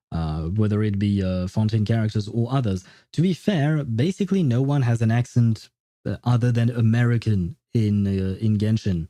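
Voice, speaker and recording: Male streamer, deep dark tone, dry close sound, loose hesitant chat with chuckles. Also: no echo. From France. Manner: chuckles often, hesitant with many fillers, says "man". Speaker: livestreamer. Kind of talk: casual livestream chat answering viewers.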